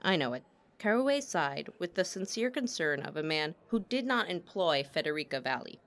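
A woman narrating a short story in a measured, expressive reading. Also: fairly low pitch. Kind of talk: audiobook narration.

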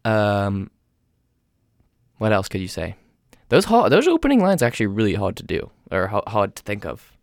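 A young man from England with an English accent softened by years in North America, talking in a casual, rambling, self-deprecating monologue. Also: on the low side, wildly swooping pitch, moderate pace, long pauses, dry recording, studio quality.

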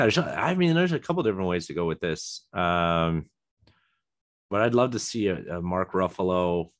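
Deep voiced guy musing aloud on his podcast, lots of ums, dry close sound. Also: no echo. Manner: rambling, chuckling, many ums and restarts. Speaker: podcast host. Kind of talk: casual solo chat.

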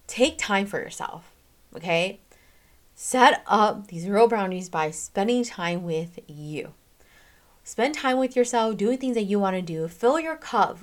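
A chatty woman hosting a self-help talk, her voice in a middle register. She talks with emphatic, animated energy, speeding up and slowing down and leaning hard on key words. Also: medium pitch. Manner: emphatic, chatty, frequent "okay?" and "freaking"; animated, swings in pace and loudness, laughs often. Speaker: self-help podcast host. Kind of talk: casual motivational talk.

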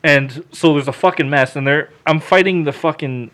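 A man on a casual podcast, telling a story with lots of swearing and loud acted-out quotes. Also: fairly high pitch, normal speed.

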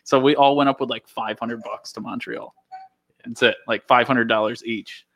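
A man's voice: medium pitch, fairly even intonation, normal speed, fairly bright tone, no room sound, studio quality. A young man telling an anecdote in a casual chat, laughing and acting out what people said. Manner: laughing storyteller, acts out quotes. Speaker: storyteller guest.

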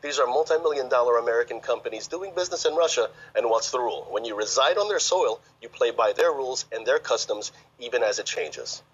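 A man's voice: medium pitch, lively intonation, quick pace, hardly any pauses, husky, lo-fi sound. A man reporting as a financial correspondent on a live news link, speaking in a confident, emphatic way.

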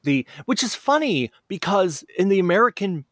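A man's voice: sits high, very animated, moderate pace, no room sound, studio quality. A man who co-hosts a podcast, reading a children's story aloud in a playful way and chatting casually. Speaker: podcast co-host.

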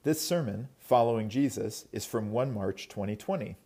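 A man's voice: on the low side, normal speed, warm tone, husky, long reverb tail. A man preaching a sermon as pastor, in a conversational storytelling manner.

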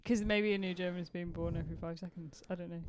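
A woman's voice: fairly low pitch, fairly even intonation, fast talker, a little mellow, a little hiss or hum. Northern English woman teasing dryly. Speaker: podcast co-host. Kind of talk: casual chat.

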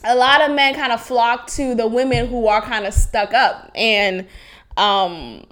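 Frank high-voiced young woman podcaster. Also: measured pace. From Haitian. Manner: frank and animated, laughs often, swears freely. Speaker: podcast host. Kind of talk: candid personal podcast monologue.

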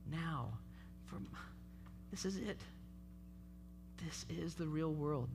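A speaker giving an impassioned sermon at a youth event, urging listeners with repeated calls. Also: medium pitch. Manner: impassioned, repetitive exhortation.

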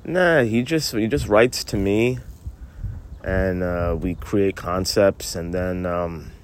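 A man's voice: low voice, slow, a little hiss or hum. A man hosting a comedic podcast, talking in a laid-back, rambling way. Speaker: podcast host. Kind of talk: comedic casual chat.

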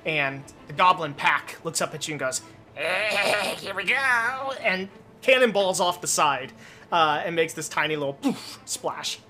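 A man's voice: fairly high pitch, moderate pace, sharp tone. Man narrating as game master, music behind. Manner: descriptive, loose, with fillers.

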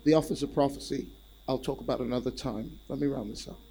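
A male preacher giving a sermon in an animated, repetitive way and calling out to the congregation. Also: mid-range voice, quick pace, poor audio.

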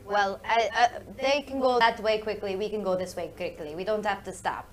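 Woman player asking brisk questions. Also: mid-range voice. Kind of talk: in-character tabletop play.

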